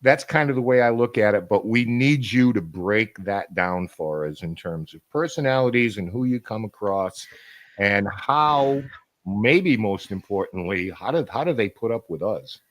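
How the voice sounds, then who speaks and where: A man's voice: fairly low pitch, animated, normal speed, dry recording. A man hosting a podcast interview, talking conversationally and acting out little quotes as he explains his view. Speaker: podcast host. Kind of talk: interview questions and opinions.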